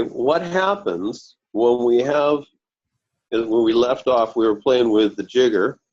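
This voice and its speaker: A man giving a slow, halting technical explanation over a video call, pausing often as he walks through pictures. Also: medium pitch, a little mellow, dull audio, a little hiss or hum. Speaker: research group member presenting. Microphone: computer mic on a video call.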